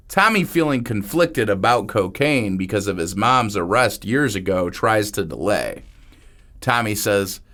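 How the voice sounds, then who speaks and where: A man narrating a crime story in a plain, unhurried manner. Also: on the low side, expressive, fairly bright tone.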